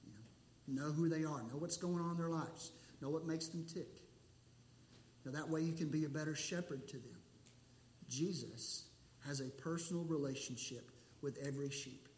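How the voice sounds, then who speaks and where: A pastor preaching an earnest, emphatic sermon, asking rhetorical questions and answering them. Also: male voice, a little high, moderate pace, darkish tone, reverberant, slight background noise.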